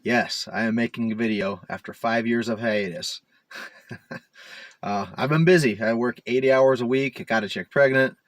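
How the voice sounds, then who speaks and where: A man's voice: mid-range voice, moderate pace, dry recording. A man rambling casually to the camera as a DIY car repair vlogger, full of fillers and self-mocking asides, recorded inside a parked SUV.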